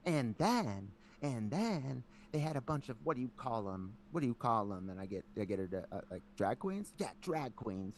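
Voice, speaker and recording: A man co-hosting a podcast in casual chat, telling animated stories with lots of "like" and acting out his family. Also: mid-range voice, fairly quick, few pauses, a little hiss or hum. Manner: animated storyteller, lots of "like", acts out family members. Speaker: podcast co-host.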